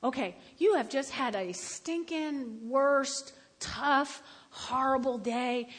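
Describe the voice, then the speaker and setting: An older woman with a high voice preaches a sermon, moving from homely storytelling to loud, emphatic appeals. Her voice rings through a big hall with a long reverb tail. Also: takes it slowly, hardly any pauses, slightly rough. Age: about 70.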